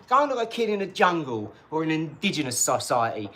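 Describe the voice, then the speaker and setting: A man's voice: a little high, very animated, fast talker, hardly any pauses, pushed and bright. A man, talking casually on a live stream in a rambling, cheeky way and laughing between his remarks.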